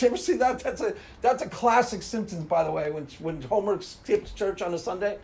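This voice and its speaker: A man hosting a Christian talk channel, speaking in an emphatic, animated monologue and laughing as he acts out little scenes. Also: high voice, a little fast, vocal fry, few pauses. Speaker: Christian apologetics channel host. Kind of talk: casual monologue.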